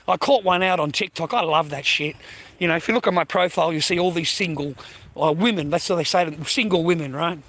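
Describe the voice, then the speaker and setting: A man's voice: sits high, fairly bright tone, low-quality recording. A man with an Australian accent, talking to his phone in a loose, rambling way while out walking, swearing freely and calling listeners mate and bro. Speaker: vlogger. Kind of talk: rambling casual monologue to camera.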